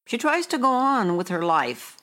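A woman reading a short story aloud in a measured, hushed way. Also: on the high side, sing-song.

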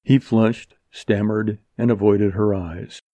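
A man narrating an audiobook in a steady storytelling way. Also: on the low side, takes it slowly, dry recording. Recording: dull lo-fi recording.

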